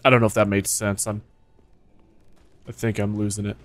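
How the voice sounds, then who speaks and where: A man's voice: lowish voice, moderate pace, no echo. A young man streaming a video game, talking casually to his viewers, swearing a lot and yelping when things go wrong. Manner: excitable, swears often, jumps to yelps when hit. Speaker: gaming streamer. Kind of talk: casual gameplay commentary.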